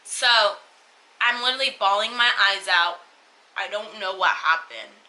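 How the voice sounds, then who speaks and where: Bright-voiced young woman telling a story. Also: mid-range voice, measured pace, low-quality recording. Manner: emotional, rambling retelling with many fillers and restarts. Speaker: vlogger. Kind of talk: casual storytime vlog.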